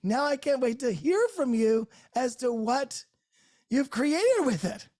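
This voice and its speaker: Woman host, soft mellow tone, slightly high, effusive and laughing, chatting live from her home. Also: expressive, slow pace. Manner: chatty and effusive, laughs often, restarts words. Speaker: host of a group call. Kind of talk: casual unscripted chat to a live group. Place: her own home, great room by a Christmas tree.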